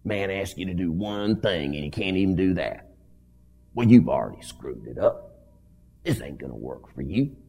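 A man voicing the sneering inner voice of addiction, muttering low and scornful. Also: lively intonation, moderate pace, gravelly, dark tone, slightly rough, full character voice.

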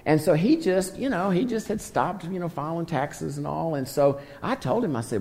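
A man's voice: fairly high pitch, animated, normal speed, hardly any pauses, a little mellow, in a large hall, slight background noise. A man leading a recovery meeting, telling a long story in a rambling, folksy way full of fillers. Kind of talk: storytelling talk to a group.

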